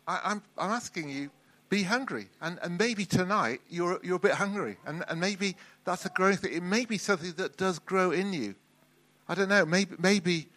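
A middle-aged man preaching a sermon in a relaxed, conversational way, often restarting and repeating words. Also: high-pitched.

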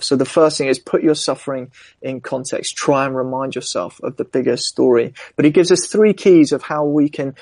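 A man's voice: medium pitch, vocal fry, a little mellow, husky, no echo. A young man preaching a sermon in an earnest, reflective way, mixing scripture with personal stories.

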